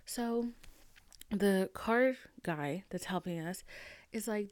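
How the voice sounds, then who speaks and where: A young adult woman hosting a podcast, telling a story in an animated, profane and emphatic way and often tossing in "okay?". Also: medium pitch, takes it slowly, dry recording. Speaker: podcast host. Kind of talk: casual storytelling monologue.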